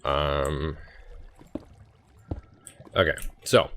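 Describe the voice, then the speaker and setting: Deep-voiced young man telling a rambling story. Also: very slow, a bit bright, slight background noise. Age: 20s. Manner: rambling, chatty, lots of fillers. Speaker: gaming YouTuber. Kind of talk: casual storytelling while playing a game.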